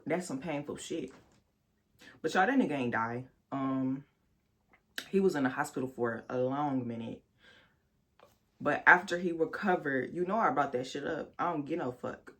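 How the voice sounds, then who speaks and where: A young woman telling a personal story on her vlog, talking frankly and with lots of swearing, speaking straight to her viewers and sometimes bursting into loud, high outrage. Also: moderate pace, long pauses. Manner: candid, profane storytelling that addresses viewers directly. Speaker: vlogger.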